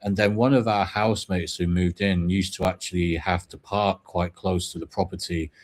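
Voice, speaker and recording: A man co-hosts a casual online chat, telling rambling anecdotes in a low, easygoing voice. His talk wanders from one detail to the next. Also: fairly even intonation, moderate pace. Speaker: co-host.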